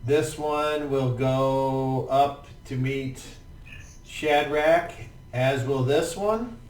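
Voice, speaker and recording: Slow-talking laid-back game master. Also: male voice, mid-range voice, a little mellow. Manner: laid-back, profane, vivid play-by-play. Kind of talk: narrating a tabletop game. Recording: roomy, distant mic with faint ambience.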